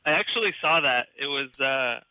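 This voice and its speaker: Bright, sharp-sounding guy tossing in jokes, dry close mic. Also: mid-range voice, expressive, no echo, dull audio. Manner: joking, quick quips. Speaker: co-host. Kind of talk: casual banter.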